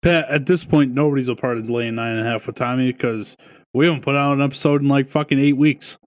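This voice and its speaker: A man's voice: medium pitch, steady tone, fast talker, dry recording. A man co-hosting a podcast, talking sports casually from home, swearing freely and telling stories. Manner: swears freely, tells stories with quoted voices. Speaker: podcast co-host. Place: home, streaming over wifi.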